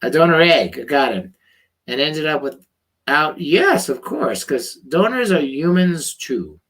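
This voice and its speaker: A slightly hoarse male doctor who reads out viewer questions in a live online Q&A and answers them bluntly, with many ums and uhs. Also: fairly high pitch, big pitch swings, takes it slowly, a bit bright. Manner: loose, with frequent ums and uhs. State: slightly hoarse, losing his voice. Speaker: fertility doctor.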